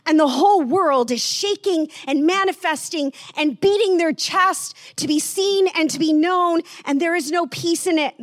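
A woman preaching gently in an online sermon, slowing down to stress words and dropping almost to a whisper. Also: very high-pitched, no room sound, clean studio sound. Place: online church service.

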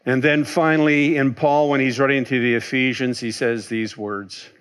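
A man preaching a sermon as a pastor, animated, asking and answering his own questions, swinging between loud exclaiming and soft musing. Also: medium pitch, moderate pace, clear, resonant tone.

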